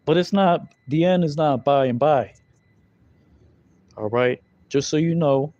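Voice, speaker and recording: Slow, dark-voiced man teaching scripture. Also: a little high, no room sound. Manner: loose and conversational, many fillers and tag questions. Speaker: Bible teacher. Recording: dull lo-fi recording.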